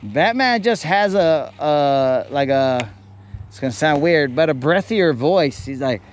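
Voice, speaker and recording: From a boat on a lake, a middle-aged man runs a casual fishing livestream, rambling, joking, and chatting with his viewers. He speaks at a measured pace in an expressive voice on the high side, with slight background noise.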